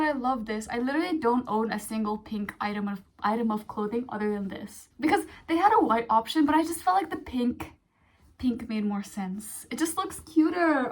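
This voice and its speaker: A young adult woman vlogging in a casual, chatty way, ranting and getting excited, with lots of fillers. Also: a little high, moderate pace. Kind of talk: casual vlog chat.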